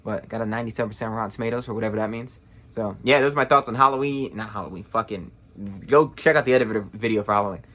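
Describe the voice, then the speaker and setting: A man's voice: on the low side, rapid-fire, a bit bright. A young man giving a casual, blunt and profane movie review rant, full of sarcasm.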